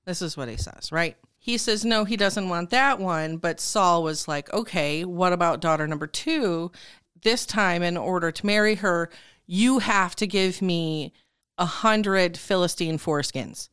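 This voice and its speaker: A woman's voice: on the low side, unhurried, a bit bright, clear, resonant tone, no room sound, studio quality. A woman co-hosting a podcast, casually retelling a Bible story in a chatty way and laughing often. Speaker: podcast co-host.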